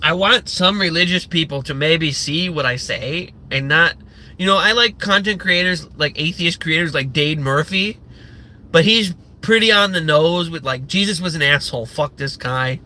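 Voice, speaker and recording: Bright-voiced, sarcastic ranting man. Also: a little high, normal speed. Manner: sarcastic, profane, rambling with many fillers. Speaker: livestream host. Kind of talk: profane livestream rant.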